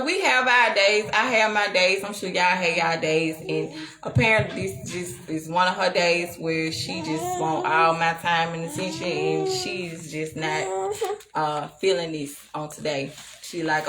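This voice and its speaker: Emphatic woman teaching scripture. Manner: emphatic reading that swells into loud, high outbursts. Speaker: Bible teacher. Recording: echoey room with crowd noise.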